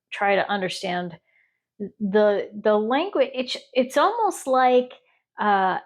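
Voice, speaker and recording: A woman from Ohio chats casually while she crochets, rambling and stopping to count stitches. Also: mid-range voice. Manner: rambling and self-interrupting, pausing to count stitches. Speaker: crochet podcast host.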